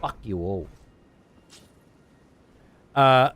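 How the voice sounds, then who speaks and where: A man's voice: mid-range voice, animated, extremely slow, fairly bright tone, a little hiss or hum. An Australian man streaming a game live, ranting and swearing heavily while he talks to his chat. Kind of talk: live gameplay commentary.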